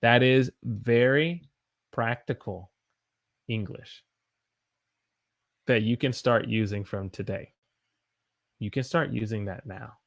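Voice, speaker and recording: A man's voice: lowish voice, steady tone, vocal fry, dry recording. An American man teaching English on a live stream, patiently repeating phrases and reading out viewers' questions. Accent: General American. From United States. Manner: patient, repeats phrases slowly for learners to copy. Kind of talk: live-stream English lesson answering chat.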